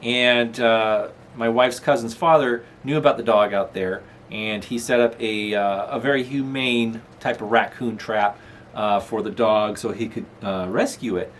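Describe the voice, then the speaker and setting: A man's voice: fairly low pitch, steady tone, a little slow, a bit bright, slight background noise. A middle-aged man hosting a casual vlog, rambling and chuckling as he chats from his apartment. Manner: rambling, chuckling, talks baby-talk to his dog. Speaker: channel host. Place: apartment room.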